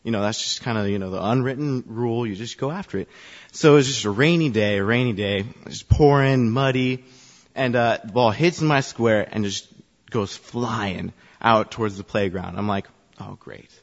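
A man's voice: mid-range voice, normal speed. A man on church youth ministry staff telling a self-deprecating personal story to a congregation, chatty and full of fillers. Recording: echoey hall, dull sound.

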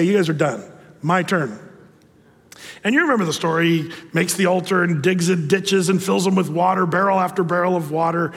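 A man preaching with animated scorn against false teaching, acting out the people he quotes. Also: sits high, big-room sound. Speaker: pastor.

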